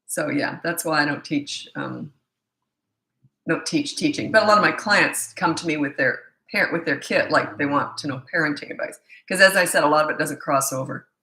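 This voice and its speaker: A woman's voice: low voice, moderate pace, vocal fry, sharp tone, roomy sound. A middle-aged woman parenting coach reading viewer questions and answering them in a blunt, opinionated, casual way.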